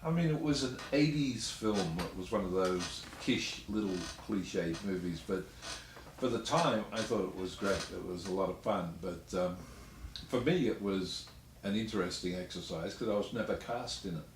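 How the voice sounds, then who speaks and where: Deep man telling stories. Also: normal speed. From Australia. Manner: laid-back, blunt anecdotes. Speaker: actor guest. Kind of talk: storytelling interview. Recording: echoey room, mic far off, faint noise.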